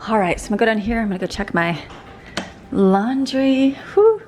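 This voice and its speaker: A woman's voice: on the high side, moderate pace, darkish tone, faint music behind. A woman in her thirties, a homeschooling mother, chatting through her day in a casual vlog while she goes about her chores at home. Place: car, home and kitchen. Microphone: handheld camera.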